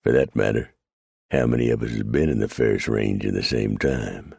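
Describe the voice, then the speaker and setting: A man voicing a grizzled, dry-humored male mountain man with an unhurried frontier drawl, read as an audiobook. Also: rumbling low, fairly even intonation, gravelly, a little mellow, slightly rough, dry recording, exaggerated voice.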